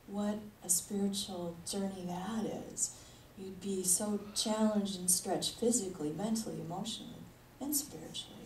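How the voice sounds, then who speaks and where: A woman's voice: medium pitch, normal speed, hardly any pauses, a little mellow. A woman spiritual leader giving a conversational sermon, chuckling often as she talks. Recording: echoey hall, mic at a distance, faint noise.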